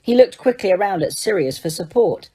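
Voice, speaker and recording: A woman narrating an audiobook in a steady storytelling manner, with the odd small slip. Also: medium pitch, fairly quick, slightly rough. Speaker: audiobook reader.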